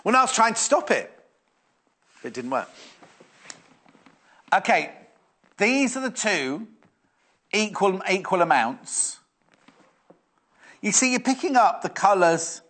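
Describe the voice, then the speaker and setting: A man's voice: high voice, big pitch swings, takes it slowly, long pauses, fairly bright tone. A man presenting fabrics on a live shopping channel, chatting and musing aloud as he reads out viewer messages. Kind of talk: live sales demonstration.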